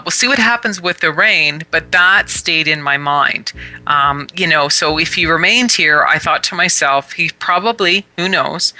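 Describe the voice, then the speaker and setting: Female talk show host, crisp bright tone, earnest storytelling monologue. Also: deep voice, rough recording. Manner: narrates by reenacting her own conversations; earnest and reflective.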